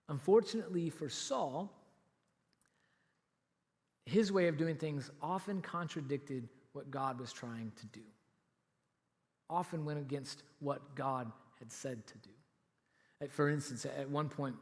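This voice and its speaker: A man preaching a sermon as pastor, telling a story in an animated way and acting out what the people in it say. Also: a little high, unhurried. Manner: animated storytelling, acts out quoted lines. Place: church auditorium. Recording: reverberant church hall.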